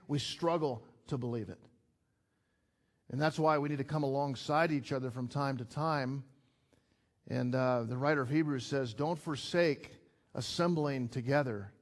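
A middle-aged man preaching a sermon to a small church group in a conversational way, building to emphatic peaks. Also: mid-range voice. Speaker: pastor. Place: church gathering.

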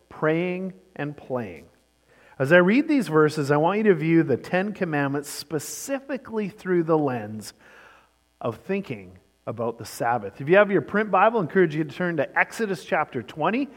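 A male pastor delivers a sermon with a somewhat high voice. He moves between brisk storytelling and slow, emphatic lines. A long reverb from a large church hall trails his words.

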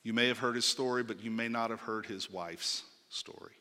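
A man preaching a sermon, emphatic, swinging from loud declarations to hushed asides and asking rhetorical questions. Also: on the low side, fairly even intonation, moderate pace, long reverb tail.

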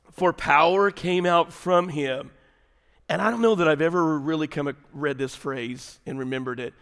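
A high-pitched male pastor preaching to his congregation in an animated, chatty way. He drops to a hush and then rises again for emphasis. A long reverb hangs in the church sanctuary. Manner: animated, conversational, swings between loud and hushed. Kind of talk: sermon.

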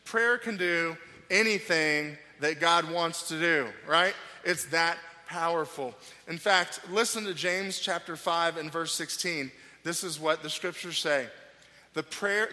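A middle-aged man preaching a sermon as pastor, telling stories and acting out quoted voices. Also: high voice. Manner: animated storytelling, acts out quoted voices. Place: church sanctuary. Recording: long hall reverb with faint music.

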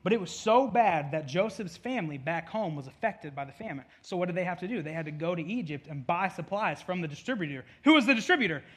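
A man's voice: high-pitched, animated, quick pace, few pauses, a bit bright, breathy edge. A male pastor giving a conversational sermon, with jokey asides and acted-out quotes, in a church.

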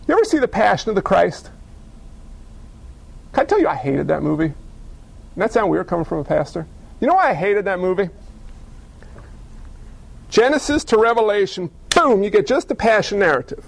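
A male pastor preaching a sermon, lively and full of rhetorical questions and wry asides. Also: high-pitched, a little fast, gravelly, long pauses.

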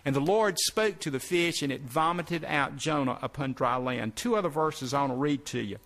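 Man preacher, higher voice, reads scripture and breaks in with comments. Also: normal speed, fairly bright tone. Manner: reads verses then breaks in to explain. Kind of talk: sermon reading scripture with commentary.

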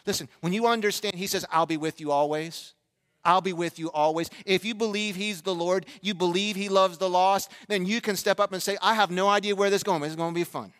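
A man's voice: sits high, brisk. A middle-aged male pastor preaching a sermon, telling funny stories and acting out the voices of the people in them. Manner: animated, acts out quoted voices, humorous asides. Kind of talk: sermon with storytelling.

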